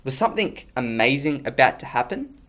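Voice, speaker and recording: A man's voice: mid-range voice, a little fast. A man presenting a children's ministry lesson, telling a story with energy and talking to the kids. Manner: energetic, talks to the audience.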